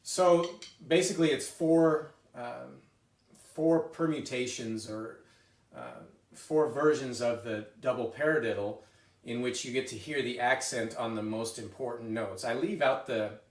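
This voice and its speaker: A man teaching a drum lesson, explaining a rudiment exercise in a relaxed way with fillers and restarts, recorded from a distance. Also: mid-range voice, a little slow. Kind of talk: spoken music lesson with demonstrations. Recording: roomy, mic set back. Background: drums and metronome.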